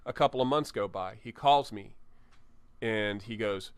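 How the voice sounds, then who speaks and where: A man's voice: on the low side, normal speed, clean tone. A tattoo artist telling candid, profane stories from his shop in an interview, often restarting his sentences. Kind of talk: storytelling in an interview. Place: tattoo studio.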